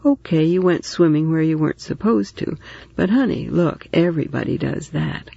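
A man's voice: fairly high pitch, animated, moderate pace, gravelly, mellow, slightly rough, no echo, highs cut off, exaggerated voice. A man voicing a talkative, motherly woman neighbor who comforts and teases in a storybook reading. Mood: chatty.

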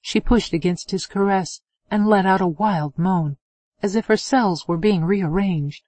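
Steady woman audiobook narrator, dry sound. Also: medium pitch, unhurried, no room sound. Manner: steady, expressive reading. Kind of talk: scripted narration of an adult romance novel.

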